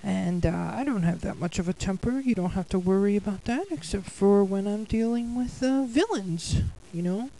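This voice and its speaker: A woman voicing an easygoing male cartoon cat in a fan-made cartoon, talking in a rambling, halting way. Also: mid-range voice, expressive, gravelly, dark tone, low-quality recording.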